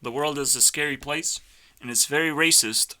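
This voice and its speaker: Brash, swearing man with a sharp voice. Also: fairly high pitch, moderate pace. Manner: brash, swearing, mock-arrogant ranting. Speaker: YouTuber. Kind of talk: live reaction commentary. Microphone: headphones on, desk mic.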